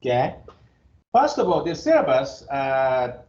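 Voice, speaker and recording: In a sing-song, unhurried manner and a medium-pitched, darkish tone, a Japanese man in his fifties lectures his class as an engineering professor. He's blunt and joking, chuckling between remarks, heard on a roomy, dull classroom recording.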